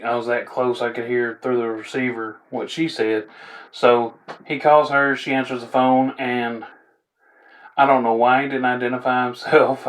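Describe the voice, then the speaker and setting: A man's voice: medium pitch, a bit bright. Laid-back man rambling through stories. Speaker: vlogger telling funny stories. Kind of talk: casual storytelling.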